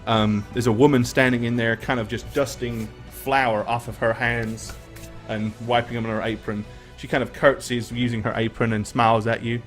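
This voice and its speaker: A man narrating a tabletop game as game master, relaxed and pausing with fillers. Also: medium pitch, faint music behind.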